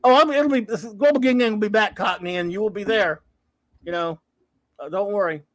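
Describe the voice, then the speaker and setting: A man with a notably high voice runs a relaxed livestream. He cracks jokes at his own expense and rambles through greetings with plenty of fillers and false starts. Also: fairly quick. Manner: jokey, self-deprecating, rambling with fillers. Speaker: livestream host. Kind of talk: casual livestream chat.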